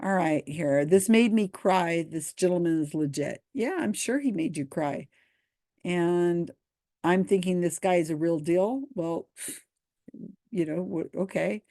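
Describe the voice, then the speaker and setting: A woman's voice: lowish voice, a little slow, mellow, no room sound. A woman casually commenting on video comments, reading them aloud and answering in a dry, skeptical way.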